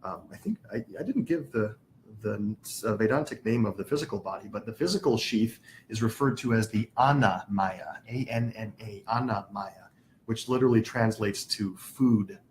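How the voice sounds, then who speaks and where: A man's voice: lowish voice, moderate pace, slight background noise. A man teaching a spiritual class, patiently explaining terms, spelling words out and asking the class questions.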